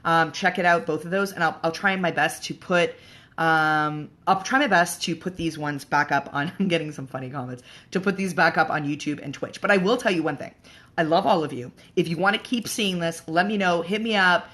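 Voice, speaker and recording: Give me a woman hosting a loose live chat for moms, with a crisp bright tone and a frank, swearing way of talking. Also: lowish voice, brisk. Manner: frank and profane, rambling with fillers. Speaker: host of a live show for moms. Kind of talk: casual livestream chat.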